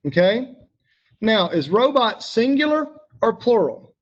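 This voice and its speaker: High-voiced man teaching grammar. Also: big pitch swings, muffled recording. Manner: patient, asks the class questions and pauses for answers. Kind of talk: grammar lesson to a class.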